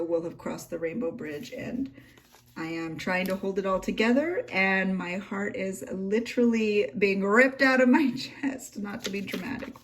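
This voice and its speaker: A woman's voice: mid-range voice, far from the mic. A woman chatting emotionally as she unboxes a handmade gift, gushing and on the edge of tears. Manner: gushing, tearful, gasping with delight. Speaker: craft vlogger. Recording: voice a little off-mic, faint room noise.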